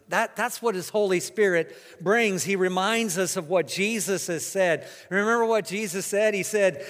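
A man's voice: sits high, moderate pace, few pauses, fairly bright tone, in a large hall. A middle-aged man preaching a sermon as a pastor, telling a personal story earnestly with frequent restarts. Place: church sanctuary.

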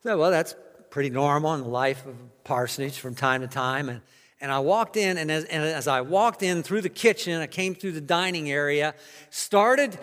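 Earnest preacher in a reverberant sanctuary. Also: male voice, a little high, a bit bright. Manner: storytelling, earnest, with frequent restarts. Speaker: pastor. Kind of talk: sermon. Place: church sanctuary.

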